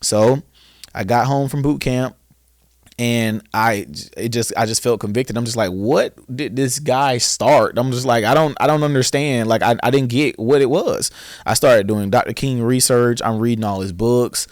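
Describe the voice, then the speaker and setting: A man's voice: mid-range voice, moderate pace, a little mellow, dry recording, clean studio sound. A young man with a Southern American accent, a podcast guest telling his story earnestly and acting out his own past questions. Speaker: guest, founder of a boys' school.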